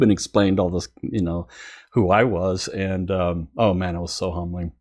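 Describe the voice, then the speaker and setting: A man who hosts a music channel tells a story casually and excitedly, with many fillers and frequent laughter. He has a low voice and a moderate pace.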